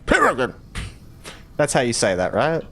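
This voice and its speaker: A man's voice: medium pitch, very animated, moderate pace. A man with an Australian accent chatting casually while streaming a game, playful and laughing often as he talks with viewers.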